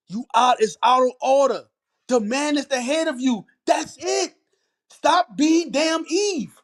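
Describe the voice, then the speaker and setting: A man with an African American Vernacular English accent, teaching scripture with blunt, commanding commentary and frequent interjections. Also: very high-pitched. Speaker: teacher leading a scripture reading. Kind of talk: street preaching commentary.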